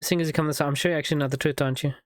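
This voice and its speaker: Brief: streamer reading game lines aloud, quick, mid-pitched voice, dry close sound. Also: steady tone, no room sound. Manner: reads lines quickly, laughs and riffs.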